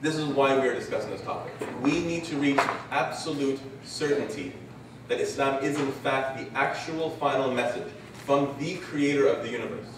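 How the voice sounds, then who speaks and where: A man's voice: medium pitch, normal speed. A man delivers a religious talk to a conference crowd, acting out his examples as he goes. His voice sits in the middle range and sounds far from the mic, with heavy hall echo and a faint hum of ambience behind it. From Canada. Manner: lively storyteller acting out examples. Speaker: conference speaker. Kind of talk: religious lecture.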